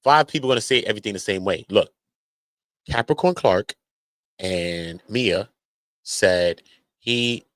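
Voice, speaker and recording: Slangy guy riffing on a stream, lively, keeps doing little mocking voices. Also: lowish voice, a little slow, long pauses, dry recording. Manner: animated and slangy, jumping into mocking impressions. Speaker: online commentator. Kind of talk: casual commentary stream.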